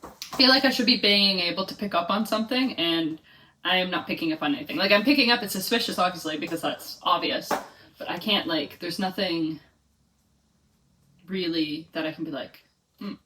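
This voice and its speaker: A woman's voice: lowish voice, fairly quick, bright, forceful tone, slight background noise. Chatty young woman rambling about a book. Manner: chatty, rambling, many "like" fillers. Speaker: book vlogger. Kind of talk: casual reading vlog chat. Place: home, reading in bed or on couch. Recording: voice a bit far from the mic.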